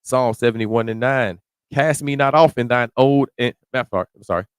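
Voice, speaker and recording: A man preaching verse by verse, reading scripture slowly and then explaining it in casual slang, sometimes rising to a shout. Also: medium pitch, clear, resonant tone, no echo. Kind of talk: verse-by-verse sermon.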